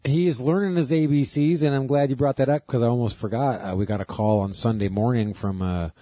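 A radio co-host telling stories in easy, casual chat, and he slips into other voices as he goes. His voice is husky and mellow, recorded dry and close. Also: mid-range voice, brisk, no room sound. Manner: animated storyteller, acts out voices.

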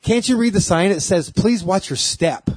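A man's voice: high voice, expressive, moderate pace, slightly rough, no echo, voice pushed up. A man putting on a sassy, mocking drag-queen persona while telling a story.

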